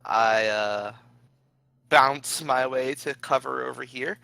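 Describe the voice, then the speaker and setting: A man playing a tabletop role-playing game, describing his character's moves in an unhurried, hesitant way full of fillers. His voice is bright and forward. It sounds dry and close, with no room echo. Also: medium pitch, vocal fry. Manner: laid-back, hesitant, many fillers. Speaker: player. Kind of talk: casual tabletop play.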